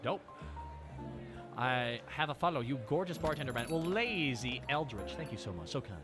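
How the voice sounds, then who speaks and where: Lively man streaming over music. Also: medium pitch, moderate pace. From Canada. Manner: animated, joking, riffs with chat. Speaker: VTuber streamer. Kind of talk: casual live-stream chat.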